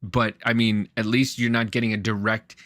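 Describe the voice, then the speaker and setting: A man co-hosting a podcast, telling a rambling, animated anecdote in casual chat. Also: fairly low pitch, moderate pace, no room sound, studio quality. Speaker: podcast co-host.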